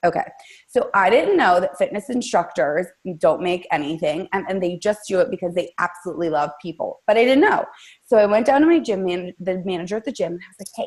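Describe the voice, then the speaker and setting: A woman's voice: on the low side, fast talker, darkish tone. A woman guest-hosting a coaching team call, telling her story in a colorful, chatty way and speaking straight to her listeners. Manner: chatty, addresses listeners directly. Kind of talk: casual motivational storytelling.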